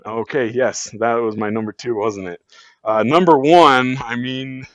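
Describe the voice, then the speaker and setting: A man's voice: mid-range voice, a little slow, no echo. A man talking as a podcast guest in a rambling, casual way, full of fillers and restarts. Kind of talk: casual chat. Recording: dull lo-fi sound.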